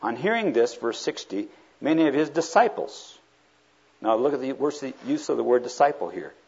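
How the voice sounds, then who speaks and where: A man preaches a sermon with a husky, slightly rough voice. His pitch rises and falls in big swings as he acts out the speakers he quotes. The recording is dull and lo-fi. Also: sing-song, moderate pace, darkish tone.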